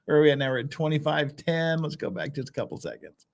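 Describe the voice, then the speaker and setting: Sarcastic man streaming, lively high voice. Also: fast talker, creaky. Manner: sarcastic, joking, swears. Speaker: streamer reacting to trial footage. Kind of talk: live-stream commentary.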